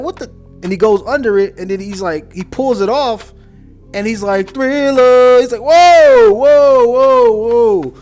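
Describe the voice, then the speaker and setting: A man hosting a reaction video, ranting heatedly in casual street slang as he comments on clips. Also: a little high. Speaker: reaction host.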